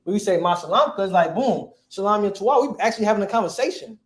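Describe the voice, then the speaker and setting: A man's voice: sits high, animated, fast talker. A man teaching a class in a casual, slangy way, quizzing his students. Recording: echoey room.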